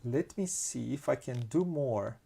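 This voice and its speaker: Slow, thinking-aloud Romanian-accented man. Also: medium pitch, lively intonation, creaky, mellow, breathy edge. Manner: thinks aloud, counts pieces, many restarts. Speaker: board game channel host. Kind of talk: casual board game playthrough.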